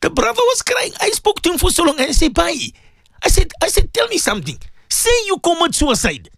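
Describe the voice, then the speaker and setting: A man, hosting a radio talk show and retelling a story in an animated, repetitive way. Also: extremely high pitch, fairly quick, no room sound, studio quality. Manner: animated storyteller, repeats words and restarts.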